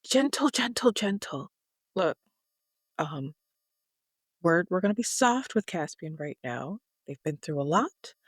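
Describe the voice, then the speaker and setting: A person playing a character in a tabletop game, speaking softly and reassuringly with hesitations. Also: medium pitch, expressive, a little slow, long pauses, dry recording, studio quality. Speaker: player.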